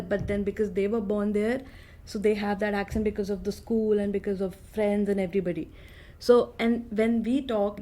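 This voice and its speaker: A woman's voice: mid-range voice, warm tone. A woman from India with an Indian accent, a native Hindi speaker, chatting earnestly as a podcast guest and laughing often. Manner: earnest, laughs often, many "like" and "you know". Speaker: staff writer, podcast guest. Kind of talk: casual chat.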